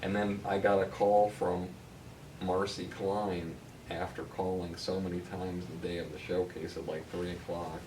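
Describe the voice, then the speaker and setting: A man's voice: sits low, unhurried. A middle-aged man, a talent manager guesting on an interview, telling anecdotes casually with lots of um and uh fillers. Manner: animated storyteller, many um and uh fillers. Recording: roomy, distant mic, noisy.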